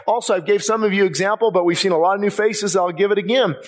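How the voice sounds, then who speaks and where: A man's voice: high-pitched, steady tone, fast talker. A man preaching a sermon as a pastor, impassioned and conversational, often repeating himself as he presses a point. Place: church sanctuary. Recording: long reverb of a church hall.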